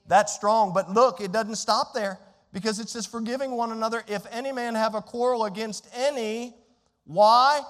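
A man preaching a sermon as pastor, swinging between soft asides and loud emphatic lines, sometimes acting out the inner complaints of his listeners. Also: sits high, big-room sound. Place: church sanctuary.

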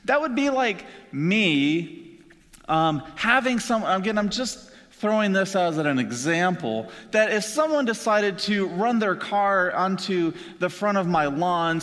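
A preacher with a high voice tells his story with lively flair, slipping into put-on voices for the people in it. His words ring out with a long reverb tail, as if spoken in a big hall. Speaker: pastor. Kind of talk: sermon with acted-out voices.

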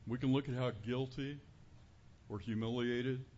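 A man giving an earnest, conversational sermon as a preacher in a church, building to louder emphasis on key points. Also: mid-range voice, fairly even intonation, normal speed. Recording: dull lo-fi recording with faint room noise.

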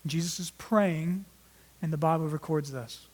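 Man, pastor, teaching sermon, fairly high voice, earnest, emphatic, restarts phrases. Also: a little slow. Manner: earnest teaching with emphatic rises and quiet drops; restarts and repeats words.

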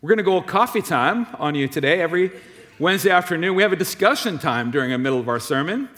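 A man's voice: fairly high pitch, lively intonation, fast talker, a bit bright. A man preaching a sermon as a pastor in a church, in a friendly, conversational manner with personal stories. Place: church sanctuary. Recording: long reverb of a church hall.

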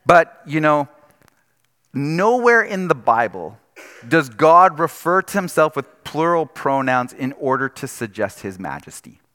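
A man's voice: a little high, very animated, unhurried, pushed and bright, big-room sound. A man preaching a sermon in a conversational, explanatory way, often checking in with his listeners with "right?". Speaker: pastor.

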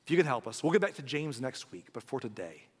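A man's voice: mid-range voice, big pitch swings, fast talker, husky. A man preaching a sermon as pastor, making an earnest, pleading appeal to his congregation. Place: church sanctuary. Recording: long hall reverb.

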